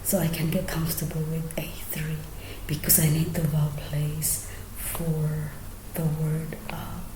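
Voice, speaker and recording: A woman explaining her singing technique in a soft, often half-whispered, hesitant way with many fillers. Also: sits low, level tone, a little slow, background noise. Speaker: singing teacher. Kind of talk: casual singing tutorial. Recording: roomy echo.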